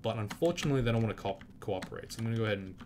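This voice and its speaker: Very fast and animated, a man on the low side narrates his game in a casual, profane let's-play style, blowing up indignantly whenever enemies appear. Loud keyboard clicks come through the mic against a noisy background.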